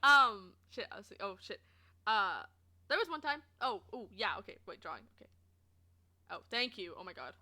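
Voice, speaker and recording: A young adult woman streaming, chatting casually and rambling through a story, quoting people in animated voices, laughing often and filling pauses. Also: medium pitch. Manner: animated and giggly, lots of fillers, quoting others in lively voices.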